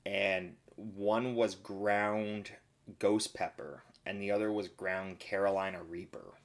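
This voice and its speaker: Rambling, low-voiced man chatting. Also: fairly even intonation, slow. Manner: rambling storyteller, acts out quoted voices. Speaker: chef and live streamer. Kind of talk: casual live stream chat.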